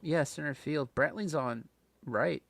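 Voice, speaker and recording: Gravelly podcast dude joking around, lots of laughs, dry sound. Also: male voice, fairly high pitch, a bit bright, no echo. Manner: joking, laughs often, fast bursts. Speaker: podcast co-host. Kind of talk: casual chat.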